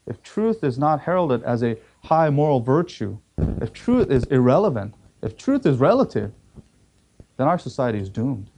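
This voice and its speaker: A man's voice: mid-range voice, sing-song, normal speed, darkish tone, breathy edge. A man preaching a sermon, telling a story with acted quotes and emphatic repetition.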